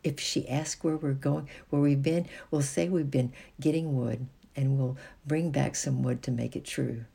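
A storyteller voicing Ruth, an eager nine-year-old girl plotting how to slip away, in a husky, gravelly voice. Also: medium pitch, fairly even intonation, measured pace, hardly any pauses, warm tone. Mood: excited.

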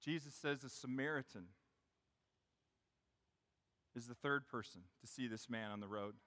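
Bright-voiced middle-aged pastor preaching in a hall. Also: male voice, mid-range voice, fairly quick. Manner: conversational storytelling, talks directly to the congregation. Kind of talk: sermon. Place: church sanctuary.

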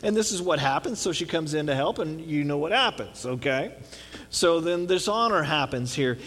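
A man's voice: a little high, expressive, moderate pace, fairly bright tone. A man giving a conversational sermon on a Bible passage in an earnest way, often checking in with his listeners. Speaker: pastor.

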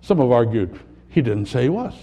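A man preaching a sermon, dramatically swinging between loud, emphatic lines and hushed, low ones. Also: sing-song, fairly quick, husky.

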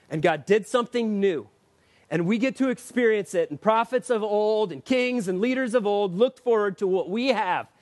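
A man with a high voice delivers a sermon in a relaxed, conversational way, leaning into emphatic questions for his listeners. The sound is dry and close, with little room around it. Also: no room sound. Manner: conversational and emphatic, rising to urgent appeals. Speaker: pastor.

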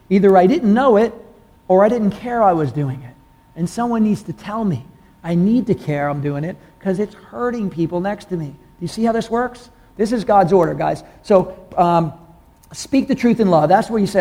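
A man pastor preaching a sermon in a casual, conversational way, asking the congregation questions and rising in pitch when he gets excited. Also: normal speed. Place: church room with congregation.

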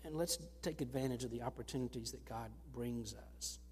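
A man preaching a sermon to his church, earnest and telling stories with lively rises. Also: mid-range voice, brisk, slightly rough. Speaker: pastor. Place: church sanctuary. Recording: long reverb of a church hall.

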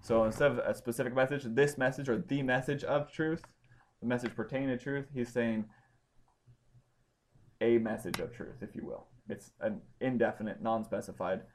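A man's voice: medium pitch, normal speed, slight background noise. Guy leading bible study, explains step by step, checks if ppl follow. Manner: explanatory, checks understanding with questions. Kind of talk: classroom teaching.

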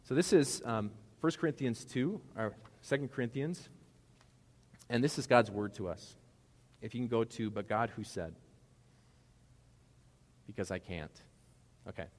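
A man preaching a sermon in a conversational, animated way, with casual asides to the congregation. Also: mid-range voice, unhurried, long pauses. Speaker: pastor. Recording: long hall reverb.

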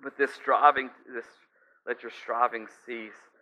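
A male pastor with a mid-range voice sounds pushed and bright, with little pitch movement and an unhurried pace, as he preaches in a storytelling way full of asides to listeners. It's captured on slightly dull lo-fi audio.

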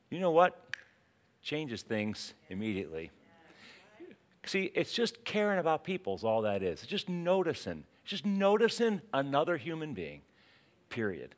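A man's voice: mid-range voice, wildly swooping pitch, moderate pace. A man preaching a sermon in a conversational way, telling a personal story, with frequent restarts. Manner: conversational, anecdotal with many restarts.

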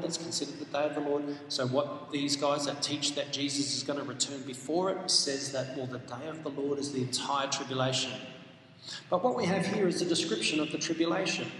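A man's voice: a little high, a bit bright. A man preaching a sermon, earnest and emphatic, reading scripture aloud and explaining it. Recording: echoey hall with faint noise.

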